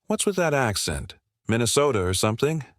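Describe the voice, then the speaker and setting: A man voicing a loud, rude male diner from Texas who mocks and complains. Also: medium pitch, very animated, brisk, no echo, clean studio sound, natural voice. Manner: brash, mocking, complaining.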